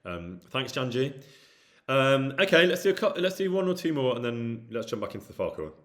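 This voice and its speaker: A man's voice: medium pitch, very animated, fairly quick. A man streaming casually, reading out viewer questions and answering them in a rambling way with many hesitant fillers. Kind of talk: casual live-stream chat.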